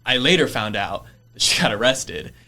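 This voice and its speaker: Bright-voiced young man telling stories. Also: medium pitch, animated, normal speed. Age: early 20s. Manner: chatty, laughs often, many fillers. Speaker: real estate investor guest. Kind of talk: casual storytelling interview. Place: podcast studio.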